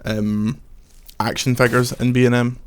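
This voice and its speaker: A man's voice: medium pitch, flat delivery, measured pace, smooth. A young man with a wry, joking manner, chatting casually while playing a video game. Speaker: games video host, playing. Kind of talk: casual let's-play chat.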